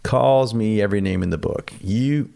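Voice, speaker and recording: A man with a lowish, gravelly voice tells a story in a podcast interview. He is animated and blunt, with salty language, and he acts out the other people's lines as he goes. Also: moderate pace. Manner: animated, acts out quoted dialogue. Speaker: podcast guest. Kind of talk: conversational storytelling.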